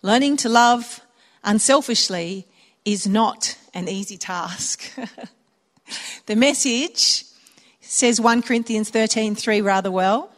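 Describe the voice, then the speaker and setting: An older woman preaching to a congregation, her voice sitting a bit high for a woman. She talks in a relaxed, conversational way and drops in chuckling asides. The sound carries a long reverb from the church auditorium. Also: slow. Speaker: pastor. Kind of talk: sermon.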